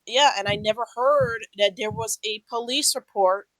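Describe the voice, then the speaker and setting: A woman's voice: a little high, moderate pace, fairly bright tone, dry recording, poor audio. Hesitant woman in casual voice chat. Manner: hesitant, searching for words with many fillers; indignant, swears.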